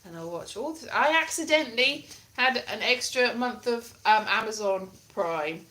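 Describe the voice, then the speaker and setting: A woman's voice: a little high, animated, normal speed, few pauses, bright, forceful tone. A woman chatting casually with viewers on a live stream, playful and theatrical, often mocking herself.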